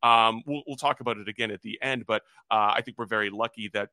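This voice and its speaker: A man co-hosting a wrestling preview in a measured, articulate voice that often pauses on "uh". His tone is bright and forceful, and the recording is close and dry with almost no room sound. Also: lowish voice, steady tone, no echo. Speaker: wrestling podcast co-host. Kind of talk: casual preview chat.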